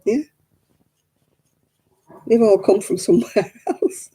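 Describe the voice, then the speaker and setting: A woman from Oldham with a softened northern English accent, chatting casually on her crafting video and laughing often. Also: mid-range voice, slow pace, slightly rough. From Oldham, England. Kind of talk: casual chat.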